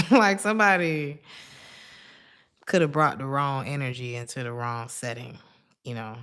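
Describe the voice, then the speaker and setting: A woman's voice: very deep voice, measured pace, fairly bright tone. A woman giving a casual tarot reading, chatty and laughing often, drifting into side stories. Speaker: tarot reader.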